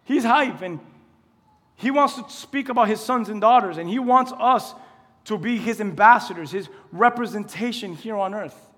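A man's voice: high-pitched, normal speed, a bit bright. A male pastor preaching a sermon in a church, talking conversationally and asking his listeners questions. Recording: long reverb of a large hall.

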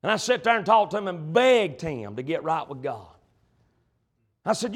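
High-voiced preacher man. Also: very animated, moderate pace, breathy edge. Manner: emphatic, swings from loud to hushed. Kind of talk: sermon.

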